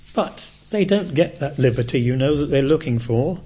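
A man preaching a sermon in a measured, emphatic way. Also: on the high side, animated, dark tone, slightly rough. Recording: dull lo-fi recording.

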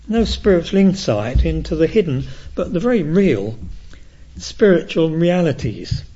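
A man preaching a sermon in a measured, emphatic way. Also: fairly high pitch, dark tone, slightly rough. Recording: dull lo-fi recording.

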